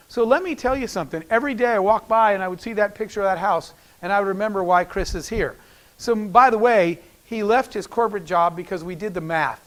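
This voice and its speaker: A middle-aged man with a high-pitched voice is giving a keynote speech. He tells a personal story and acts out the quoted lines as he goes, and it clearly moves him. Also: fast. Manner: animated storyteller acting out quoted dialogue. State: emotional. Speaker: keynote speaker.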